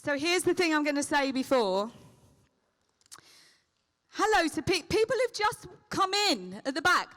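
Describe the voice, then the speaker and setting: High, bright-voiced woman teasing a crowd. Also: sing-song, measured pace, long pauses. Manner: teasing, playful comic patter. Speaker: celebrity convention guest. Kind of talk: live Q&A audience banter. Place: convention stage before a live audience. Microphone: handheld microphone.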